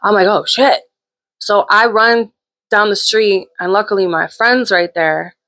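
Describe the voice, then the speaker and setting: A woman's voice: mid-range voice, steady tone, a little slow, sharp tone. A woman hosting her own show, telling a personal story in a candid, chatty way with plenty of swearing. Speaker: host. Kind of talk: casual storytelling.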